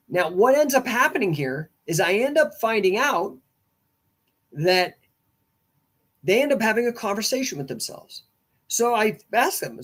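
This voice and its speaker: A man's voice: high voice, sing-song, normal speed, long pauses, a bit bright. A middle-aged man hosting a podcast as a coach, rambling casually and acting out both sides of conversations with clients, emphatic in his points. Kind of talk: casual livestream monologue.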